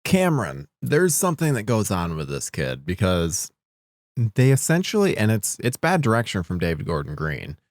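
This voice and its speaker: A man co-hosting a podcast with a low voice and a dry, close sound. He rambles casually and slips into lines from the scenes he retells. The mic catches almost no room around him. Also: huge pitch swings, moderate pace, dry recording. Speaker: podcast co-host. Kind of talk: casual chat.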